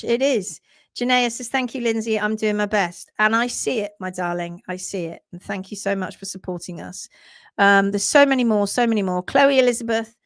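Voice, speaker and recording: A woman's voice: medium pitch, moderate pace, no echo, studio quality. A woman co-hosting a podcast in casual live chat, passionate, often reading out viewer comments. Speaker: podcast co-host.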